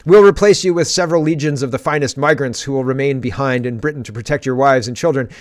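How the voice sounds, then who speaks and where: A man's voice: medium pitch, fast talker, dry recording, studio quality, natural voice. A man putting on a smug, pompous British king. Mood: mock-reassuring.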